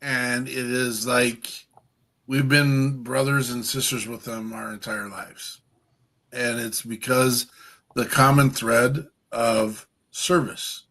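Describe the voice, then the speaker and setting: A man hosting a podcast, talking in a halting, casual way with many pauses and restarts. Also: mid-range voice, fairly even intonation, pushed and bright. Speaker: host. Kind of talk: casual chat.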